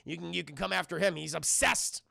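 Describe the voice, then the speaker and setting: A blunt crime computer, put on by a man rattles off facts with casual curses. The voice is gravelly and bright. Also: a little high, fairly even intonation, no room sound, studio quality, full character voice. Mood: offhand. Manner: quick, offhand, profane.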